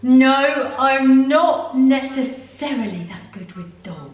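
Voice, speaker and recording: A woman's voice: sits high, animated, slow pace, far from the mic. Hesitant older woman in an echoey room. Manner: hesitant, polite, mild. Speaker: co-host. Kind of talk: casual comedic chat.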